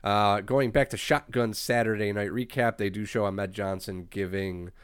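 A man's voice: fairly low pitch, fairly even intonation, moderate pace, clear, resonant tone, no echo, clean studio sound. A man co-hosting a podcast, casually running through wrestling match results with frequent "uh"s. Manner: matter-of-fact rundown with filler "uh"s. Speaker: podcast co-host.

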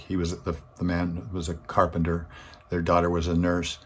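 With slight background noise in the recording, a male motivational speaker tells a story at a moderate pace in his weekly inspirational talk. His voice is mostly monotone, yet he speaks earnestly and grows louder and higher on key points.

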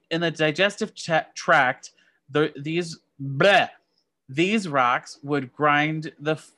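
Bright-voiced rambling podcast host. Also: medium pitch, no room sound. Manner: rambling, self-correcting delivery. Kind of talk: casual movie-trivia chat.

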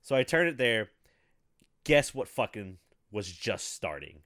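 A man in his thirties chatting casually, telling rambling profane stories with bursts of loud laughter. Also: on the low side, big pitch swings, measured pace, no echo, clean studio sound. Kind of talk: casual chat.

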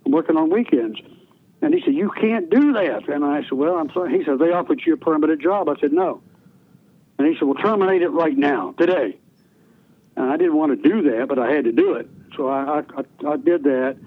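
A man's voice: fairly high pitch, fairly quick. An older man telling rambling, folksy stories about his radio career in an interview. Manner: folksy, rambling, many restarts. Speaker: retired radio DJ guest. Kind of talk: storytelling interview. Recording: tinny phone-line radio audio.

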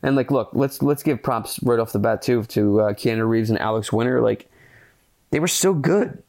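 A man hosting a podcast and reviewing a film in casual solo chat, rambling with lots of fillers, earnest and excitable, swearing casually. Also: on the low side, a little fast.

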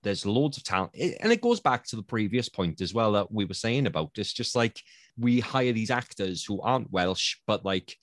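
Low-voiced man hosting a podcast. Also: normal speed, no echo, clean studio sound. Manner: animated, acts out quoted voices with big pitch jumps. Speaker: podcast host, actor. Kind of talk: casual podcast chat.

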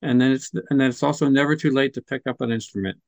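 Gravelly-voiced man, encouraging podcast guest. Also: mid-range voice, fairly even intonation, fast, a little mellow, no echo. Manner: chatty, encouraging, acts out kids' voices. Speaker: guest, music nonprofit leader. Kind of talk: casual podcast interview.

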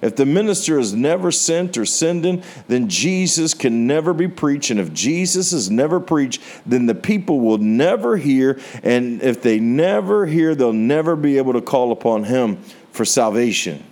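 A man's voice: medium pitch, animated, moderate pace, darkish tone. An American man preaching a sermon, telling a personal testimony in an earnest storytelling way, his voice rising on rhetorical questions. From United States. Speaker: pastor.

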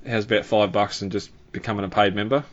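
A man's voice: lowish voice, steady tone, quick pace, lo-fi sound. A man hosting a podcast in casual chat, rambling with lots of fillers and restarts. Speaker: podcast host.

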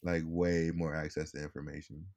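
Young male podcast co-host, very low voice, loose and rambling delivery. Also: little pitch movement, normal speed, a little mellow. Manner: rambling, restarts often, laid-back. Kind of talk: casual chat.

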